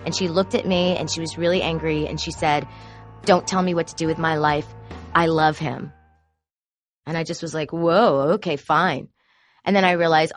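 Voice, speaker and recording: A woman who produces court shows tells candid, confessional stories about her job and grows animated when she quotes herself. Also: low voice, normal speed, faint music behind. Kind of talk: personal storytelling.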